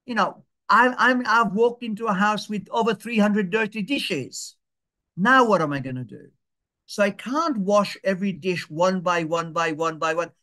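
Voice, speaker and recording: A high-pitched man with a pushed, bright sound leads a step-by-step digital skills lesson on a video call. Patient throughout, he goes over the steps slowly and makes sure people are following.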